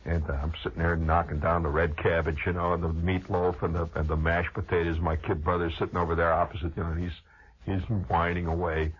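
A man's voice: sits low, fairly quick, breathy edge. A man telling a rambling, humorous childhood story as a conversational radio monologue, with a dull lo-fi radio sound. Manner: animated, conversational, digressive.

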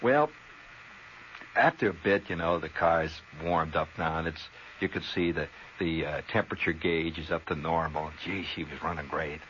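A man's voice: very deep voice, normal speed, fairly bright tone. A man telling a long story on the radio in a rambling, conversational way full of asides and tag questions, heard on a slightly dull old radio recording with faint hiss.

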